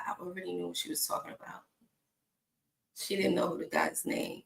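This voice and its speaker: A woman's voice: medium pitch, wildly swooping pitch, fairly quick, vocal fry. A woman who works as a single mom coach, telling stories in a casual chatty vlog and laughing often. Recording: echoey room.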